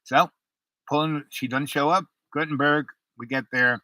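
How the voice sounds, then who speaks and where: A man's voice: on the high side, fairly even intonation, moderate pace, bright, forceful tone, dry recording, low-quality recording. A man casually telling a personal anecdote, rambling with many restarts and fillers. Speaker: storyteller.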